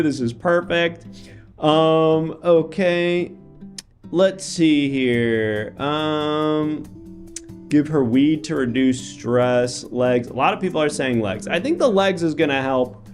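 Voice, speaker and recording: A man hosting an improvised comedy scene, talking in a brisk, wry, easygoing way. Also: on the high side, soft background music. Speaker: comedy show host. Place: studio.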